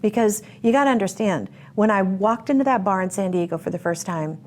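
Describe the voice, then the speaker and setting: A woman's voice: mid-range voice, brisk, a little hiss or hum. A woman telling her life story in an interview, speaking emphatically and repeating words for effect. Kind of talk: personal testimony in a sit-down interview.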